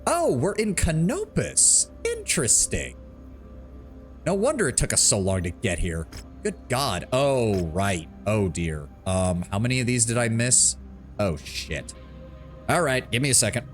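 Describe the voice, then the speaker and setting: A man's voice: mid-range voice, sing-song, measured pace, faint music behind. A man streaming a video game, chatting casually with some swearing and enthusing about mechs. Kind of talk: casual gaming livestream commentary.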